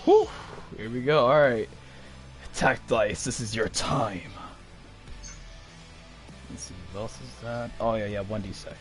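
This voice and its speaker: A young man playing a tabletop game over a voice call, talking himself excitedly through his dice rolls. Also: on the low side, a little slow, long pauses, over music. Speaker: player. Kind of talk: casual game chat.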